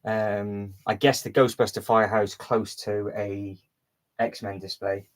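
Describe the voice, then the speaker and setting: On a rough recording, a man hosts a casual livestream, speaking slowly in a fairly low, flat voice. He thinks aloud while rearranging a build, rambling with restarts and fillers.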